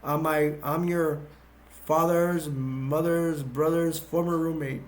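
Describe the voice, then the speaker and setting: A man casually repeating the lines of a boastful male space villain while he retells a movie, in a loose, halting way. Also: a little high, fairly even intonation. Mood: taunting.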